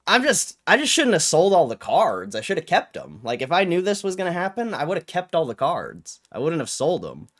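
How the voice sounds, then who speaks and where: A man's voice: fairly high pitch, huge pitch swings, fairly quick, hardly any pauses, fairly bright tone. A young man hosting a livestream, ranting in an annoyed, swearing way with frustrated laughs. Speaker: livestream host. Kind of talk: casual livestream rant.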